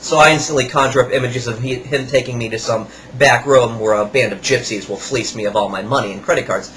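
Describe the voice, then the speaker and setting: A man's voice: medium pitch, quick pace, fairly bright tone, slight background noise. A man hosting a podcast, telling a story in a wry, sarcastic way. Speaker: podcast host. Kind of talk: storytelling monologue.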